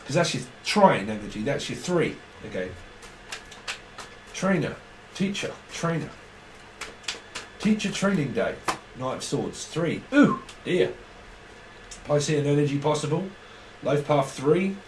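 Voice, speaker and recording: A man's voice: on the high side, big pitch swings, measured pace, long pauses. A man giving a casual, rambling, sweary tarot reading. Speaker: tarot reader. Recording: roomy, distant mic, faint hiss.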